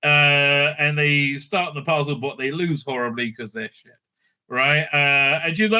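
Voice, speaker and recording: A man rambles through a reality show recap, crude, mocking and full of fillers. His voice sits a little high and sounds very bright and sharp. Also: normal speed, clear, resonant tone. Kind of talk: casual recap commentary. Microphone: streaming setup mic.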